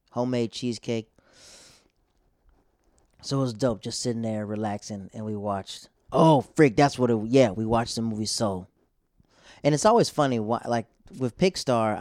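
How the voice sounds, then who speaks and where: A man's voice: on the low side, a little mellow, no echo, studio quality. A man in his twenties or thirties, a stand-up comedian, chatting casually with a rambling, self-interrupting way of talking. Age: 20s to 30s. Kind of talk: casual chat.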